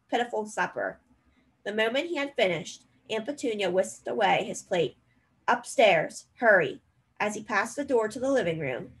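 A woman reading a novel aloud in a steady, expressive storytelling manner. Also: medium pitch, breathy edge, poor audio. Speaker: reader.

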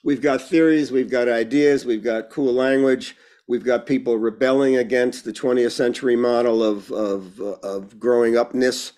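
A man's voice: medium pitch, normal speed. A man as guest in a conversational interview, telling stories with jokes and asides. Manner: animated storyteller, jokes and asides. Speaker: guest speaker.

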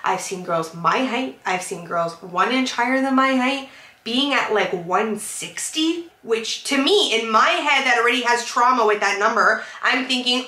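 A young woman vlogs in a candid, heartfelt way, her voice bright and a touch high. She rambles openly with many fillers, and the sound is echoey and roomy. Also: measured pace. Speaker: vlogger. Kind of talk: candid confessional vlog chat. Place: car.

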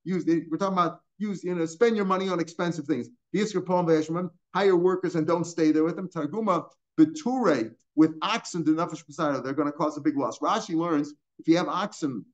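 Older man teaching Talmud, high-ish voice. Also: fairly quick, hardly any pauses, muffled recording. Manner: casual, chuckling asides, mixes Hebrew and Aramaic terms. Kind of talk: line-by-line Talmud class.

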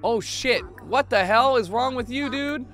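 A young man giving casual, swearing let's-play commentary on a life-sim game, excitable and given to shouting at the screen. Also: extremely high pitch, a little slow. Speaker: gaming video host.

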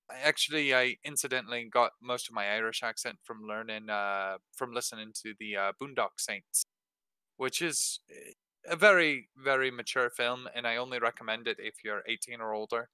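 A man's voice: mid-range voice, pushed and bright, clear, resonant tone, dry recording. A man hosting a tabletop game workshop, answering questions casually with many hesitations and restarts. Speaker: dungeon master hosting a workshop. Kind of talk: casual Q&A talk.

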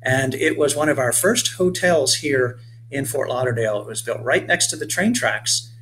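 A man's voice: mid-range voice, normal speed, slight background noise, poor audio. A man, the author, reading his children's book aloud and stepping out of the story to speak to young listeners. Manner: gentle asides speaking to children.

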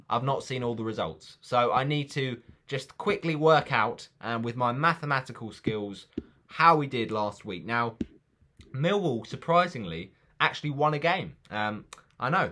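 A man's voice: mid-range voice, fairly bright tone. A man chatting casually in a football predictions vlog, rambling and teasing himself.

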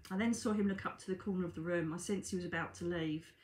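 A woman's voice: on the low side, fairly even intonation, fast talker, a little mellow. A woman, a psychic medium, reading aloud from her own book and breaking off for chatty asides to viewers she calls darlings. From Britain. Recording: echoey room.

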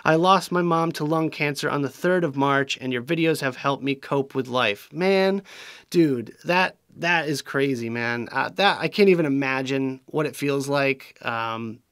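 A man's voice: medium pitch, a little slow, fairly bright tone, dry recording, studio quality. A man hosting a vlog, reading viewer messages aloud and answering them in an earnest, rambling way, full of fillers and restarts. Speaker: vlog host reading viewer shout-outs. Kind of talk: casual vlog chat.

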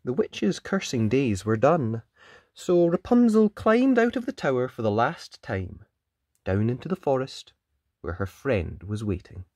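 A storyteller reading a children's picture book aloud, expressive, with whispered sound effects. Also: medium pitch, a little slow, dry recording, clean studio sound.

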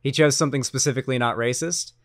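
A man's voice: medium pitch, fast talker, a bit bright, dry recording, studio quality. A man streaming a video reaction, rambling loosely and talking to his chat. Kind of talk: casual commentary chat.

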